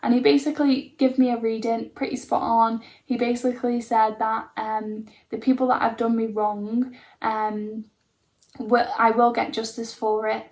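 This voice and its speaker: A young woman tells her own story to camera in a loose, rambling way, filling gaps with likes and ums. Her voice sits a little high but barely moves in pitch. A gravelly vocal fry runs under her words. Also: level tone, normal speed, a little mellow.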